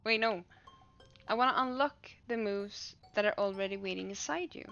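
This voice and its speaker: A woman's voice: medium pitch, moderate pace, fairly bright tone, highs cut off, natural voice. A woman streamer reading a dance-loving game character's lines in an enthusiastic, coaxing way. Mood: encouraging. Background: faint game music.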